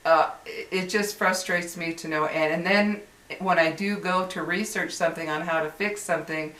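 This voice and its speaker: Older lady venting to her viewers, low-ish voice, exasperated and rambly, echoey room, sounds a bit away from the mic. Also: normal speed, sharp tone. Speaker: YouTuber. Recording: roomy echo, distant mic.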